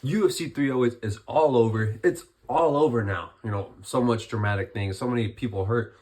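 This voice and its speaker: Hoarse young man chatting fight recap. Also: mid-range voice, a little fast, few pauses, darkish tone. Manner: chatty, rambling, lots of restarts. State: hoarse, recovering from illness. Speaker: MMA commentary vlogger. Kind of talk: casual fight breakdown.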